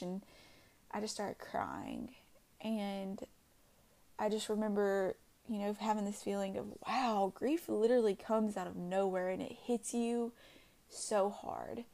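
Gravelly woman hosting a candid podcast. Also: mid-range voice. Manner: candid and halting, with frequent restarts and soft asides. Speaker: podcast host. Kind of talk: unscripted personal podcast monologue.

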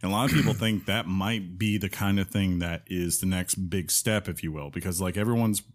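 Man, very low voice, podcast co-host, rambling casual chat, lots of fillers. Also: steady tone, a little fast. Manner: rambling, with fillers and self-corrections.

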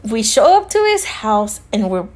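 A very animated woman with a medium-pitched voice co-hosts a podcast at a moderate pace. Telling a story in relaxed chat, she performs both sides of the exchange, swears freely, and mixes in Spanish expressions.

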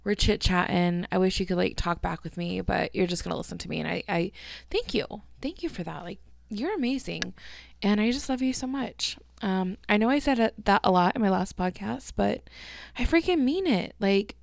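A young woman with a mid-range voice and vocal fry hosts a solo podcast at a normal speed. Chatty and gushing, she peppers everything with "like" and "um" and yawns between phrases.

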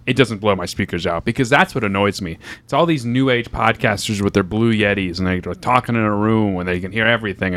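Rambling deadpan podcast host man. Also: lowish voice. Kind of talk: casual podcast chat.

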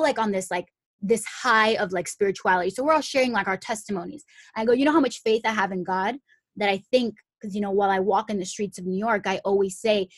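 A woman's voice: mid-range voice, no room sound. Chatty young woman telling a story, dry sound. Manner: chatty, full of "like" fillers, acts out the quoted voices. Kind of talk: casual storytelling.

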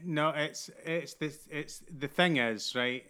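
A man with a Glaswegian Scottish accent, an actor guest talking in casual podcast chat, animated and sweary, often restarting his phrases. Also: a little high, takes it slowly, smooth.

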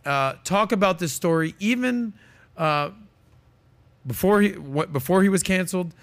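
A man's voice: high voice, lively intonation, moderate pace, a bit bright. A man hosting a podcast, giving casual, emphatic commentary that is full of fillers. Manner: emphatic, quoting and reading aloud, many fillers. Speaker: podcast host.

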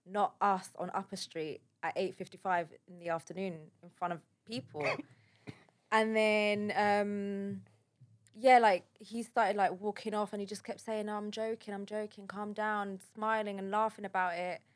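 A woman telling a personal story in a halting, shaken way, with many fillers. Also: mid-range voice, flat delivery. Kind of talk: casual spoken account.

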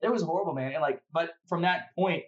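A fairly high-voiced man talks in quick, lively bursts, swearing and laughing as he tells stories in a casual chat. The sound is a little dull and lo-fi. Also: a loud crowd. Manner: animated storyteller who swears a lot and laughs often.

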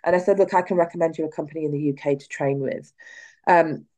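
A woman's voice: deep voice, steady tone, quick pace, a little mellow. A woman, a clinic owner and cosmetic nurse, chatting as a podcast guest and retelling events with lots of quoted dialogue. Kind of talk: casual storytelling in a podcast interview.

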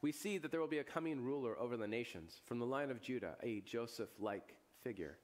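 A man as a pastor giving a sermon, retelling a scripture story with casual asides and chuckles, his voice jumping to loud, high bursts and then dropping to hushed, solemn lows. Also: brisk. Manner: chuckles and asides in everyday speech.

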